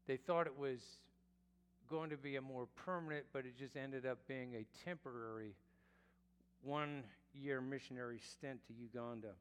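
A male pastor preaching a sermon in a slow, deliberate way, sometimes correcting himself mid-phrase. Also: medium pitch, steady tone, clear, resonant tone. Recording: long reverb of a church hall.

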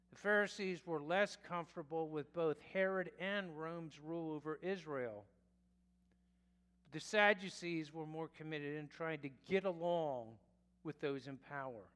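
A male pastor preaching a sermon in a slow, deliberate way, sometimes correcting himself mid-phrase. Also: on the high side, a bit bright. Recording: long reverb of a church hall.

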